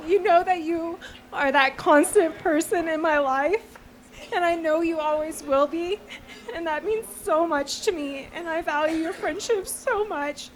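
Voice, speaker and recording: A woman's voice: very high-pitched, measured pace, slight background noise. Emotional young woman giving a toast. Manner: emotional, tearful, laughing. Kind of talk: rehearsal dinner toast.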